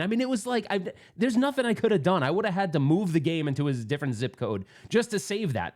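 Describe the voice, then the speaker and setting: A man telling a rambling, excitable story about a pinball tournament, restarting often and working himself up. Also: high voice, brisk, few pauses. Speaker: pinball vlogger. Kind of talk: casual storytelling monologue.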